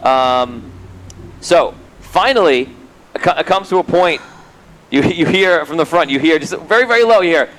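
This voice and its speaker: A man's voice: fairly high pitch, lively intonation, normal speed, fairly bright tone, poor audio. A man narrating as game master of a tabletop game, laughing often as he tells what happens.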